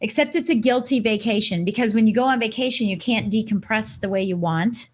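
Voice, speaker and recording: Animated woman business coach. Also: a little high, a little fast. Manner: animated, acts out scenarios with quoted self-talk. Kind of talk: casual interview chat.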